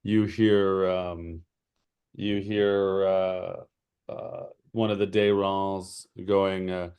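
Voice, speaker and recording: A man narrating a tabletop role-playing game as game master, pausing often with fillers. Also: deep voice, little pitch movement, darkish tone, clean tone. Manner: halting, many fillers.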